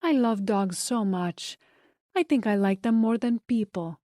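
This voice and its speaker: A woman's voice: medium pitch, a little slow, mellow, no echo, studio quality, lightly acted. A woman doing a gushing Spanish-accented socialite. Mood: chatty. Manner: effusive, breathless admiration. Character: statuesque woman, gushing dog lover.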